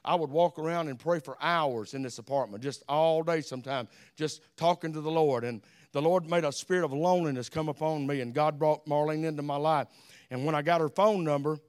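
Alabama preacher with a smooth voice. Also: male voice, a little high, brisk. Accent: Southern US, Alabama. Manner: folksy, repeats amen, animated storytelling. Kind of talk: sermon.

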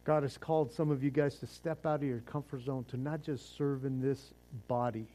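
A man's voice: mid-range voice, steady tone, moderate pace, warm tone. A man preaching a sermon as pastor, fervent and casual, often repeating words as he restarts.

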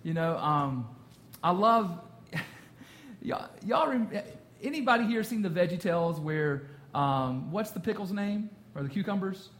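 A man's voice: high voice, expressive, measured pace, a bit bright. A man in his thirties preaching a casual, jokey sermon to a congregation. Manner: jokey, conversational, quotes song lyrics. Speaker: pastor.

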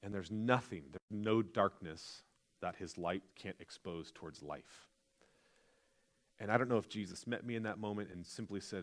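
A pastor delivering a sermon, his voice sitting on the low side. He speaks earnestly and tells stories in a confessional way, often pausing and restarting as he works through his thoughts.

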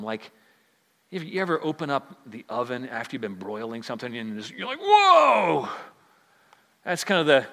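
A man's voice: medium pitch, fairly bright tone, big-room sound. A male pastor preaching a sermon in a conversational, emphatic way in a church.

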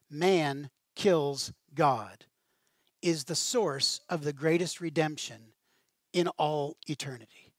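A man preaching a sermon as pastor, with a conversational, animated style and casual asides. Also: on the high side, no room sound.

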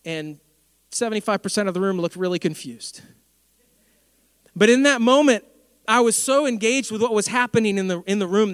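Male pastor with a high, resonant voice, lively and jokey, preaching in a big hall with a long echo. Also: clear, resonant tone, studio quality. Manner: lively storytelling with humor. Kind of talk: sermon.

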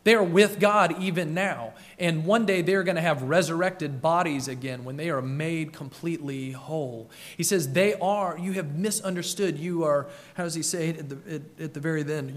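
A man's voice: on the high side, normal speed, few pauses. A man preaching a sermon as pastor, telling the story in a conversational way and acting out the quoted voices.

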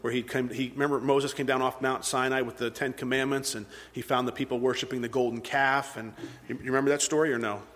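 A man's voice: mid-range voice, little pitch movement, quick pace, a bit bright. A man preaching a sermon to a congregation, retelling scripture in a conversational, earnest storytelling way. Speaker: pastor. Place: church hall with congregation. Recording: long hall reverb.

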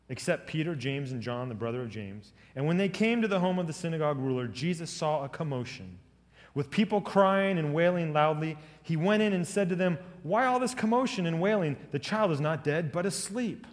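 Lively male pastor preaching in a reverberant hall. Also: fairly high pitch. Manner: animated, swings from loud to soft; jokes with the congregation. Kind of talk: sermon.

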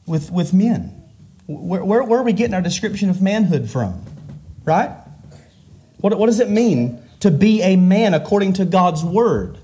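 Pastor, male, middle-aged, slightly high voice, delivers a sermon full of rhetorical questions, swinging loud and soft. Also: sing-song, unhurried. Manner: preaching with rhetorical questions, pitch rising and falling widely.

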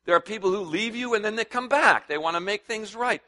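Forceful, bright-voiced male pastor preaching. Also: fairly quick. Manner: conversational preaching, turns louder and higher when stirred; asks the congregation to respond. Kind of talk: sermon.

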